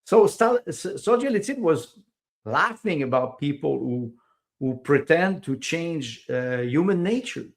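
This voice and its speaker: Speaking at an unhurried pace, this podcast guest has a slightly high, expressive voice. He chats casually but haltingly, leaning on lots of fillers and repetitions, with minor grammatical errors typical of a non-native English speaker.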